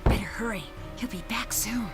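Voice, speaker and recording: An actress voicing a young woman amateur detective in a video game, brisk and inquisitive, talking herself through clues. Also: on the high side, close to an everyday voice. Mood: curious. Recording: game audio over background music. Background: game music.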